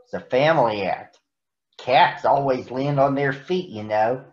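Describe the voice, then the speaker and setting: A man voicing a tiny, playful girl kitten with a high, sing-song little voice in a storybook reading. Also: a little slow, lightly acted. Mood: friendly. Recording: echoey, muffled room recording.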